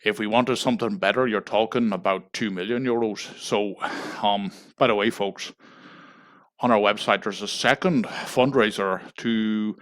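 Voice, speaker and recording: An Irish man making a deadpan mock fundraising appeal on a livestream, pleading and tagging "folks" onto nearly every phrase. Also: lowish voice, measured pace. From Ireland. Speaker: comedic livestreamer.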